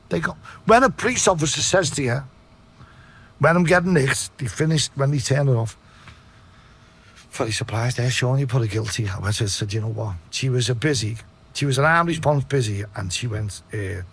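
A middle-aged Liverpool man with a gravelly, husky voice tells his story in a podcast interview. He talks bluntly and swears freely, keeping his voice low as he recounts what happened. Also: expressive, normal speed, a bit bright. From Liverpool, England. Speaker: podcast guest.

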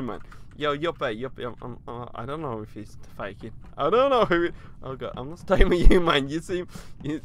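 A man's voice: a little high, a bit bright, a little hiss or hum. A young man giving nervous, jumpy live commentary over a video game. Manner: jumpy and nervous, frequent panicked outbursts. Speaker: gaming YouTuber.

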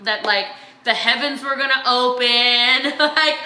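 Bright, high-voiced woman coaching emphatically. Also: takes it slowly, reverberant. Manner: energetic, emphatic, repeats phrases for effect. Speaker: business coach and vlog host. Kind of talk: motivational talk to her sales team.

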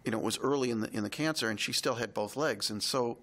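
A man co-hosting a podcast, telling a heartfelt personal story in a reflective, halting way. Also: medium pitch, a bit bright. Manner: reflective, halting, emotional retelling.

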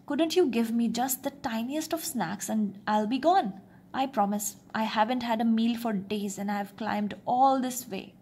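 A woman's voice: a little high, unhurried, darkish tone, slight background noise. A woman voicing Jack, an eager young boy, with a pleading manner, in a storybook reading.

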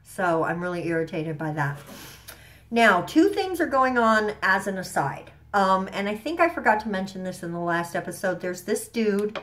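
A woman's voice: mid-range voice, big pitch swings, normal speed, fairly bright tone. A woman vlogger casually recapping a TV episode, rambling with slang and fillers, a bit stuffy from allergies, at home. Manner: chatty, rambling, enthusiastic, with frequent fillers and slang.

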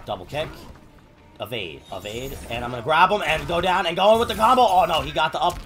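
A man streaming a fighting game, cursing at his opponent and calling out his button inputs in quick bursts. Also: a little high, animated, soft background music. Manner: profane, yelling at the opponent. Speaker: gamer streamer. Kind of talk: live gameplay commentary.

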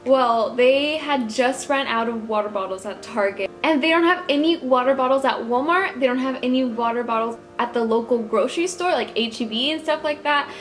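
A young woman from Texas chatting casually as a vlogger, friendly and quick to laugh, reviewing a drink. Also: high-pitched, soft background music. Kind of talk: casual product review vlog.

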